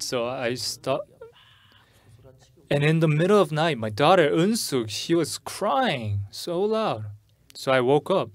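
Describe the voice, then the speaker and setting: Very animated and a little high in pitch, a middle-aged pastor gives a sermon in English during a church service. His personal story comes out haltingly, full of repeated and restarted words.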